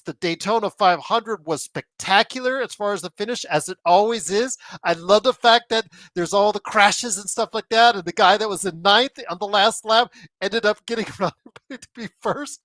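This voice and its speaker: A man's voice: sits high, no room sound. A man hosting a sports podcast in casual, rambling chat, joking as he plugs the show. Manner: rambling, animated, jokey plugs. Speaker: podcast host.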